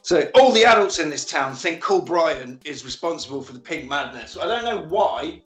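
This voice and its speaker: A man's voice: fairly high pitch, animated, normal speed, fairly bright tone, echoey room, faint music behind. A man casually recapping a film plot on a podcast, swearing and acting out lines as he goes. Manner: retells scenes with acted-out quotes and swearing.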